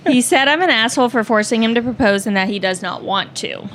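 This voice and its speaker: A woman reads a story aloud on a podcast at a steady, even pace, breaking in now and then with short asides. Her voice sits a little high, with a faint hiss of noise underneath. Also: quick pace. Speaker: podcast co-host reading a story.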